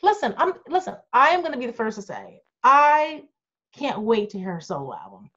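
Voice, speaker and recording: A woman's voice: on the high side, big pitch swings, normal speed, fairly bright tone. A middle-aged woman, a group manager, answering fan questions in a candid, blunt and outspoken way over a video call. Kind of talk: candid Q&A chat. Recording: dull lo-fi video call audio.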